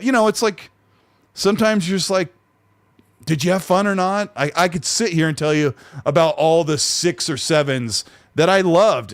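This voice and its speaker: A man's voice: on the high side, dry recording. A man hosting a podcast in casual chat, reading chat comments aloud and teasing his guests. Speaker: podcast host.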